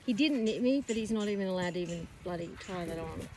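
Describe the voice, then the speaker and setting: A woman's voice: medium pitch, fast. Woman chatting in a windy paddock. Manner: chatty, coos and scolds the horses. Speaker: horse owner. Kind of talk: casual chat to camera and to horses. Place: windy rural paddock outdoors. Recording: loud wind noise outdoors.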